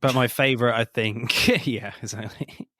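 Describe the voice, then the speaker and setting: A man's voice: medium pitch, normal speed, pushed and bright, no echo. A man co-hosting a casual film review podcast, quoting favourite lines with gusto and laughing often. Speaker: podcast co-host.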